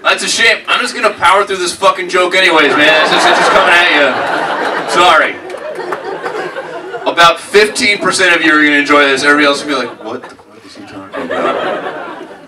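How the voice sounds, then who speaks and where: Live audio from a comedy club, with distant mic pickup and crowd noise, captures a man's fast, high-sitting voice. His stand-up is rambling and self-deprecating, heavy on "like" and "man."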